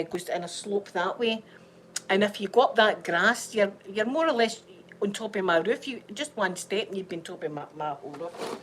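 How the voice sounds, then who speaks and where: A woman's voice: mid-range voice, slight background noise. Chatty Scottish woman, rambling. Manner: chatty, rambling, laughs often. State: unwell. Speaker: vlogger. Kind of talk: casual chatty vlog.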